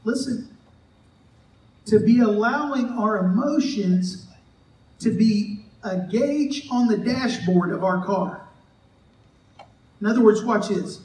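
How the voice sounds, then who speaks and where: Pastor, male, high voice, conversational sermon, echoey distant church recording. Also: takes it slowly, long pauses, a little mellow, slight background noise. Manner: conversational, joking, acts out quoted voices. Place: church sanctuary. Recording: echoey church hall, mic from afar.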